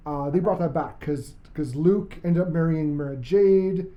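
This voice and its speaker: A podcast host chatting casually as an enthusiastic fan, rambling and cracking quick jokes. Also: mid-range voice, muffled recording.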